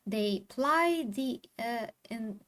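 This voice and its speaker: A woman's voice: on the high side, lively intonation, very slow, a bit bright. A woman hosting a casual livestream, chatting and reading posts aloud with a sarcastic edge. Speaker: streamer host.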